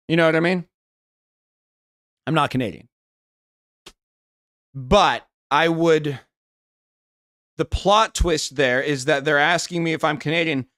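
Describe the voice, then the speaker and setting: This young streamer from the US West Coast talks in a bright, clear, resonant voice that sits on the high side. He rambles and curses while reading his chat and thinking out loud. The audio is dry and studio-clean.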